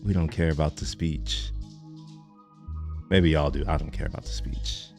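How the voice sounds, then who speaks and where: Deep-voiced man rambling at his desk. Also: steady tone, normal speed, darkish tone, soft background music. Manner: rambling, jokey, swears casually. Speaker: live streamer. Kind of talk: casual live stream chat.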